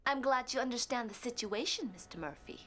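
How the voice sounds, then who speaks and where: Cold game crime boss lady, high bright voice swinging all over, bossy and clipped. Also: expressive, fairly quick, a little hiss or hum. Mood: menacing. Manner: imperious, clipped threats. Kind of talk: full-motion video game acting.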